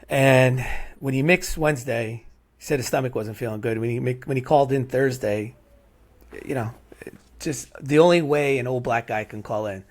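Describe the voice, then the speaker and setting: A middle-aged man hosts a heartfelt podcast chat. He rambles through long stories and tags nearly every thought with "right?". His voice sits at an ordinary pitch. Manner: rambling, repeats "right?" often. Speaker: podcast host. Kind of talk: casual heartfelt conversation.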